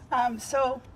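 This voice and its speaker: A woman's voice: high-pitched, a little hiss or hum, rough recording. A middle-aged woman with a Canadian accent, a grieving mother speaking heartfelt and earnest at an outdoor memorial event into a handheld mic. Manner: heartfelt, earnest, tells a family story. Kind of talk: public remembrance speech. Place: outdoors at a public memorial site. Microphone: handheld microphone.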